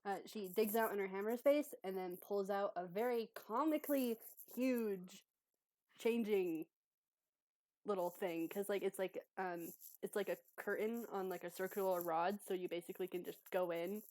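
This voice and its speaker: A woman playing a tabletop role-playing game, narrating her character's actions and voicing her lines in bursts, halting and laughing often. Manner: giggly, halting, speaks her character's lines in a high excited voice. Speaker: player.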